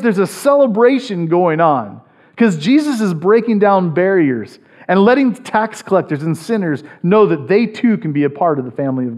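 Animated high-voiced male preacher. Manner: animated preaching, swings between loud emphasis and low asides, frequent "right?". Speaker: pastor. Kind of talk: sermon.

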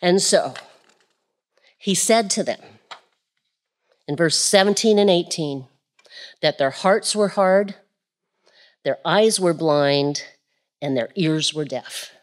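Woman preacher, pentecostal sermon, slow and expressive, gets loud then soft. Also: on the low side. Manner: expressive, rises to shouts and drops to quiet.

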